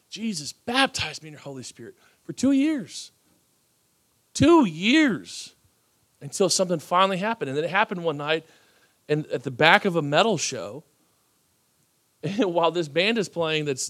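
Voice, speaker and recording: A man preaching a sermon as pastor, animated, acting out the voices he quotes. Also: on the high side.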